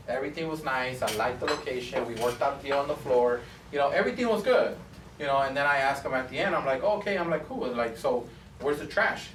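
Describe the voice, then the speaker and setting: A man's voice: medium pitch, a bit bright, slight background noise. A man who owns a barbershop teaches a class in a casual, chatty way and acts out both sides of his stories. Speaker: barbershop owner teaching students. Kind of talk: casual classroom talk with anecdotes. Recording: echoey room from a distance.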